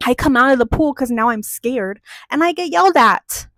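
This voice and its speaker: A young woman with a slightly high voice tells a childhood story in a loose, chatty way. She swears often and gets worked up as she goes. The recording is close and dry, with no room sound. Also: normal speed, no room sound. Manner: animated, swears freely, gets heated. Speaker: podcast host telling a childhood story. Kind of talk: casual storytelling chat.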